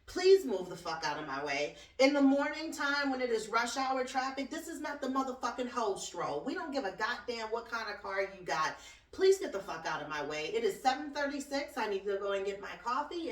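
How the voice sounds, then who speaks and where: A woman's voice: on the high side, sing-song, moderate pace. A woman hosting her own talk show, ranting bluntly and sassily with plenty of swearing and laughter. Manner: blunt, profane, sassy, laughs often. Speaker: podcast host and cleaning business owner. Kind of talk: casual solo talk-show rant. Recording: roomy echo, distant from the mic.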